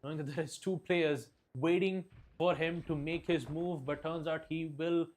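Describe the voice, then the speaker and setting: A man's voice: fairly high pitch, steady tone, normal speed. A man giving esports color commentary, analytical and prone to fillers. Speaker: esports caster.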